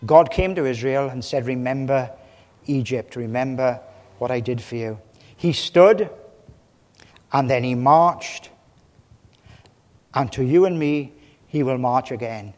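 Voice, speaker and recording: Guy preaching a fiery sermon, goes loud then quiet, long hall echo. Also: mid-range voice, unhurried, pauses often. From Wales. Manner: impassioned, swelling and dropping in volume. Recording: long reverb of a large hall.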